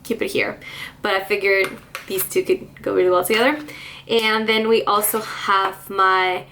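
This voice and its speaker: A chatty woman talking casually to her viewers in a relaxed vlog. She drifts through asides and fillers and laughs lightly at herself. Her voice sits at an ordinary middle pitch. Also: normal speed, slight background noise. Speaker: beauty vlogger. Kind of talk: casual chat to camera.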